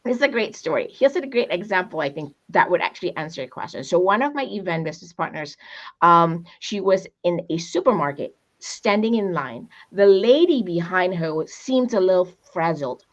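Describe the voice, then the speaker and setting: A woman on a panel talking casually, telling a heartfelt story with lively emphasis and a habit of asking "right?". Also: fairly low pitch, normal speed, highs cut off. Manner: expressive, storytelling, repeats "right?". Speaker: panel speaker. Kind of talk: conversational panel talk.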